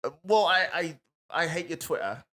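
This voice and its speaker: Animated man bantering. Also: fairly high pitch, moderate pace. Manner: animated, laughs often, teasing. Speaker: podcast co-host, comedian. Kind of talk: casual comedic banter.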